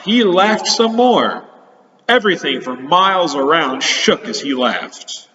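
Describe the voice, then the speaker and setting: A man teaching children, reading a storybook aloud in a playful, chatty and expressive way. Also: on the high side. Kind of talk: storybook read-aloud for kids. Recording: echoey hall, dull lo-fi sound.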